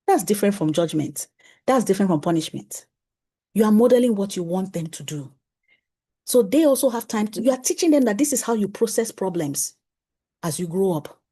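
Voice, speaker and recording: A woman speaks to a room of parents as a parenting coach. Her voice sits at a middle pitch with a warm, mellow colour. She is animated, chuckles often, and acts out little family dialogues as she teaches. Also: husky. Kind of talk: conference talk to parents.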